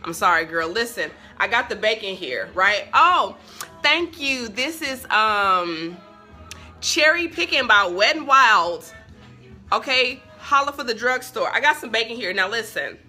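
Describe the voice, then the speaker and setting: A woman's voice: fairly high pitch, animated, measured pace, bright, forceful tone, faint music behind. A young woman hosting a live cooking stream from her home kitchen on a phone, chatting straight to viewers and easily sidetracked. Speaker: cooking show host. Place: home kitchen with bacon sizzling in a pan. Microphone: phone on a stand.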